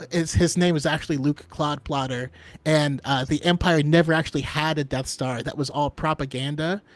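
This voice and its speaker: A man's voice: on the high side, no room sound. Chuckling man in casual fan chat. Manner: rambling, chuckling between points. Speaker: podcast host.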